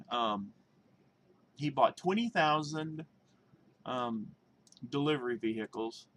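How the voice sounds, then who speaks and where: A man's voice: mid-range voice, fairly bright tone, a little hiss or hum. A man vlogging, reading a news story aloud and breaking off into rambling, chatty asides and self-corrections.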